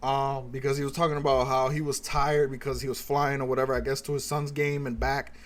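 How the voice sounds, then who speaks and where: A man's voice: medium pitch, flat delivery, fairly quick. A man streaming a heated, sarcastic reaction rant, swearing constantly as he mocks what he watches.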